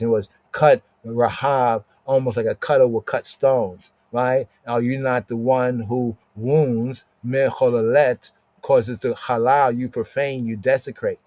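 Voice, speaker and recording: A man's voice: mid-range voice, darkish tone, no room sound. Man teaching, dull lo-fi sound. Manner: repeats words, asks "right?" often, reads Hebrew aloud. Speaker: podcast teacher. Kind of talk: Bible word study, casual teaching.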